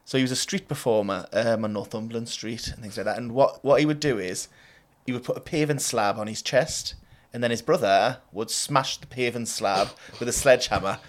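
A man's voice: mid-range voice, brisk. A man with a mid-range voice co-hosts a comedy podcast. He tells his stories in a chatty way, laughing into them as he goes. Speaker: podcast co-host. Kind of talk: casual comedic storytelling.

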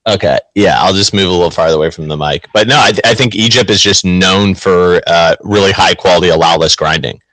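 A man's voice: sits low, a little fast, hardly any pauses, a bit bright, no echo, rough recording. A man chatting casually on a podcast, rambling and leaning on filler words. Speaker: show regular. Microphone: home computer mic.

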